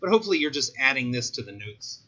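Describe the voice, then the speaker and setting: A man giving a recorded chemistry lesson in a loose, chatty way, with jokey asides as he explains. His voice is very bright and a bit husky. The audio is slightly dull and lo-fi. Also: mid-range voice, sing-song, fast. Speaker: chemistry teacher.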